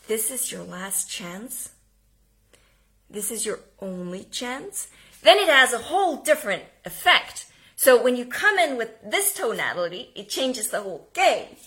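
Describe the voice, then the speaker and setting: Woman teacher, bright voice, fairly high, emphatic, energetic. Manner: energetic, emphatic, drops to a whisper for effect. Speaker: homeschooling teacher. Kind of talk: instructional talk.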